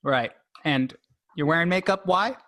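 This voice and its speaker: A man's voice: fairly high pitch, normal speed, a bit bright. A man hosting a casual video call chat, asking silly questions in a playful, mock-formal way. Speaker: host.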